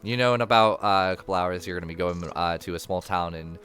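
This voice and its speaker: A man's voice: low-pitched, fast talker, a bit bright, soft background music. A man running a tabletop game as game master, narrating in an easygoing, playful way.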